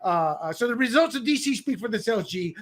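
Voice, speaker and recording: A man co-hosting a political talk show, opinionated and animated, breaking into loud mocking quotes. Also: extremely high pitch, fairly quick. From born abroad, country once under dictators. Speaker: podcast co-host.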